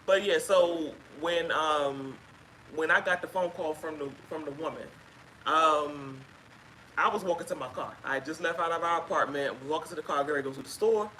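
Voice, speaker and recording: A woman casually telling a personal story on a live stream, chatty and halting with fillers, acting out what others said. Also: sits low, pushed and bright, a little hiss or hum, poor audio. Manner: chatty, halting with fillers, acts out quoted speech. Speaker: guest sharing her story.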